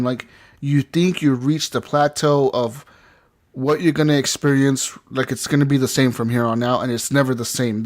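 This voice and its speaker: Guy on a gaming podcast, animated and sweary, middle pitch, acts out lines from the game. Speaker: podcast co-host. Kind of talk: casual gaming chat.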